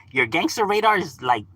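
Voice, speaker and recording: High, lively, husky-voiced streamer man. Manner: profane, slangy, laughing, mock-exasperated. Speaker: game streamer. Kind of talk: casual live-stream rant.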